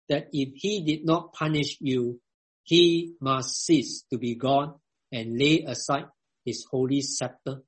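A man preaching a sermon to his congregation, emphatic and given to repeating his questions. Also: on the high side.

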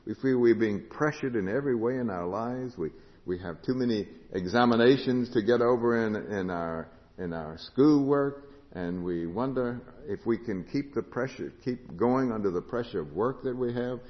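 A man preaching a sermon, asking the congregation questions and moving between loud proclamation and hushed, quiet passages. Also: medium pitch, normal speed. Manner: rises to loud proclamation, drops to hushed tones. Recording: lo-fi recording with long hall reverb.

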